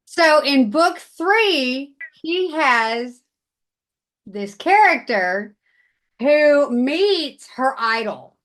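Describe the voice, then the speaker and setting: A woman hosting a podcast who tells stories in an excitable, animated way. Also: sits high, extremely slow. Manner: excitable, animated storytelling with big quoted outbursts. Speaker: podcast host. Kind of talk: casual chat.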